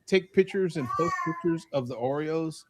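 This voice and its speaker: A man's voice: moderate pace, noisy background. A man hosting a casual chat on a video call, rambling and laughing as he talks. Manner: rambling, laughing, lively pitch swings. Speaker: host.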